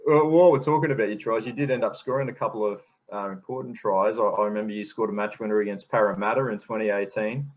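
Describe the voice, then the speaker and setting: A man co-hosting a casual sports chat, asking relaxed questions. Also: on the low side, fast talker, few pauses, dull audio. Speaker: podcast co-host.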